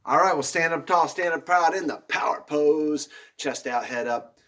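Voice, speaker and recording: Male teacher, slightly high voice, encouraging, speaks to young children. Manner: upbeat and encouraging, calling out pupils by name; slow, soft guided breathing. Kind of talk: video lesson to young pupils.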